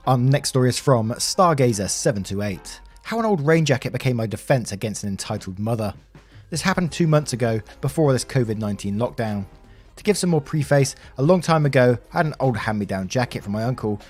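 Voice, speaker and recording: A man's voice: medium pitch, animated, fast talker, a little mellow. A man reading online stories aloud, in a conversational tone with wry asides. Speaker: story narrator. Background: faint background music.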